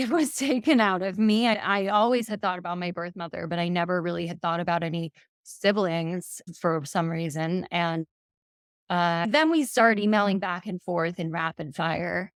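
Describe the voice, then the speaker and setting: A woman's voice: on the low side, no echo, clean studio sound. A woman in her thirties, a podcast guest, earnestly retelling a personal story and quoting messages aloud.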